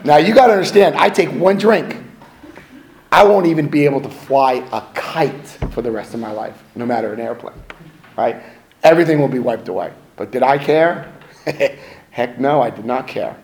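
A middle-aged man giving a personal testimony to a recovery meeting, swinging between hushed and loud and laughing at himself. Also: mid-range voice, moderate pace. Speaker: recovery speaker.

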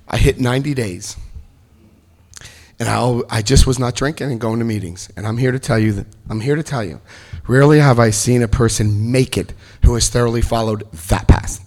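A middle-aged man giving a comic talk about his recovery, animated and breaking into loud acted-out quotes. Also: mid-range voice, normal speed. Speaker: speaker sharing his recovery story.

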